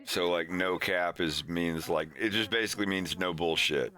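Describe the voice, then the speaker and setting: A man's voice: deep voice, fairly even intonation, normal speed, sharp tone. A man in casual chat, joking and rambling.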